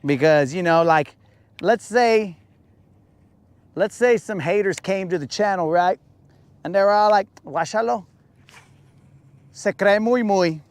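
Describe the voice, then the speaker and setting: A man hosting a casual fishing podcast, talking in a lively, slangy way and acting out the voices he quotes. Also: high voice, smooth, no echo. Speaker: podcast host. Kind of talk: casual chat. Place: boat on a lake.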